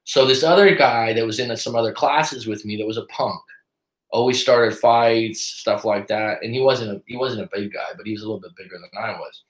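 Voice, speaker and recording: A man's voice: fairly low pitch, a little fast, roomy sound. A man hosting a live stream as a coach, telling a story in a casual, profane way and acting out the lines of the people in it. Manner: profane, animated storyteller who acts out quotes.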